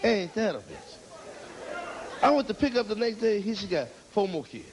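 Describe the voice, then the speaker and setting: A man doing stand-up comedy storytelling on stage, profane and animated, acting out other people's voices. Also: high voice, moderate pace, some chatter behind. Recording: live recording with loud audience laughter and noise.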